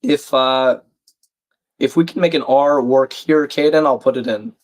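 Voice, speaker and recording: Man, croaky, under the weather, chatty stream host reading out chat, mid-pitched. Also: a little slow. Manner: chatty, reads chat aloud, self-deprecating. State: croaky, a bit sick. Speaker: livestream crossword host. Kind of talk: casual live-stream chat.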